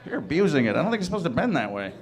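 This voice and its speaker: A young man doing a stand-up comedy set, loud and animated, laughing through his punchlines. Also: a little high, rapid-fire.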